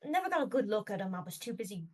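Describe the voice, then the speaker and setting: A woman's voice: mid-range voice, very animated, rapid-fire, a little mellow. A woman voicing her tabletop game character, a flustered witness giving a rambling account.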